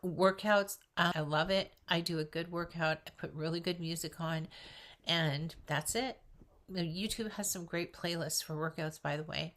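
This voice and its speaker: A woman's voice: fairly low pitch, steady tone, normal speed, a bit bright. An older woman vlogger talking casually to camera, chatty, earnest and encouraging, with a faint background noise. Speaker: weight loss vlogger. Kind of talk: casual direct-to-camera talk.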